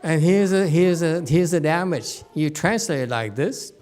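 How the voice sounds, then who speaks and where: A Buddhist teacher with a higher, darkish voice gives a slow, unhurried dharma talk to students in a meditation center hall. He's plain and blunt, teasing his listeners, and his sentences are full of fillers and restarts.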